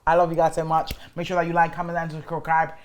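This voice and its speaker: A woman's voice: low voice, completely flat delivery, quick pace, background noise. A young woman giving a blunt, sassy, slangy recap of a reality show as a vlogger.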